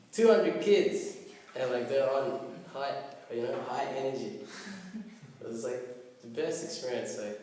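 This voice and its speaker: A man giving a devotional class in casual storytelling style, animated and laughing often as he acts out voices. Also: mid-range voice, slight background noise. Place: temple hall. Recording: echoey hall, mic at a distance.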